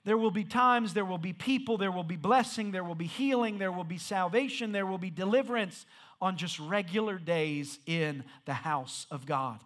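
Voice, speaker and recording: A male pastor preaching a sermon in rhythmic, repeated phrases that build to shouted peaks. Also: high voice, normal speed.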